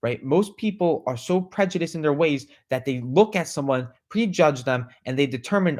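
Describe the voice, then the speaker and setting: A man's voice: mid-range voice, expressive, normal speed, a little mellow. A man hosting a podcast, giving a motivational talk that keeps asking the listener questions, tagging lines with "right?" and "okay?" and repeating words as he restarts. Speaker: podcast host.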